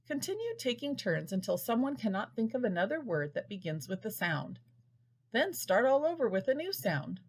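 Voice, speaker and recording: A woman giving a scripted lesson to parents, patiently sounding out words slowly. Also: fairly high pitch, sing-song. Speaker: early reading instructor. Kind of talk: scripted instructional narration.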